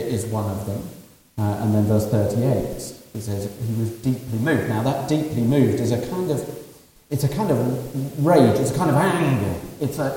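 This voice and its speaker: A male preacher with a mellow, warm voice delivers a sermon, asking rhetorical questions and moving between hushed and raised passages. He sounds far from the mic in a long, echoing hall, with a faint hiss underneath. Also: mid-range voice. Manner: asks rhetorical questions and swings from quiet to loud.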